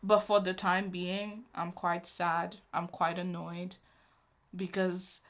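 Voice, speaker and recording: A woman's voice: fairly low pitch, flat delivery, takes it slowly, a bit bright. A young woman hosting a reaction video, chatting casually and emotionally, talking back at the screen.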